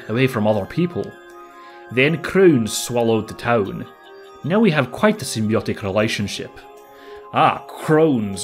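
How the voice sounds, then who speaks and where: A man casually commenting while playing through a video game, rambling and joking as he goes. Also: medium pitch. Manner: chatty, rambling, jokey. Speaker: let's play host.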